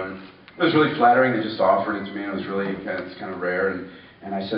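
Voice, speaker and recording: A man's voice: fairly low pitch, very fast, slight background noise. Thirties man, chatty and self-mocking with lots of restarts, miked from far off in a reverberant room. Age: 30s. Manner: rambling, self-deprecating, many fillers and restarts. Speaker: actor speaking at a campus election event. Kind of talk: casual anecdotal speech. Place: university ballroom. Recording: echoey ballroom from far off, dull.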